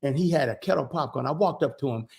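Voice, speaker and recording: A man vlogging, telling a casual story in an animated way, retelling conversations with lots of "I said, he said" and repeated words when he gets excited. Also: mid-range voice, fast talker, creaky.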